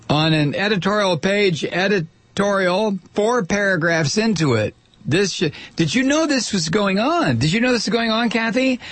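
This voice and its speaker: A man's voice: sits high, a bit bright, no echo. A man hosting a radio talk show, delivering a sarcastic, incredulous, rambling monologue full of restarts.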